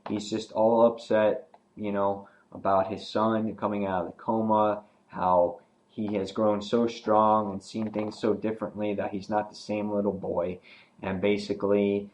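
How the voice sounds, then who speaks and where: A man's voice: on the low side, level tone, a little slow, a little mellow, a little hiss or hum, low-quality recording. A man talks through a comic book in a loose, casual review. He rambles along, filling gaps with fillers and restarting his sentences as he goes.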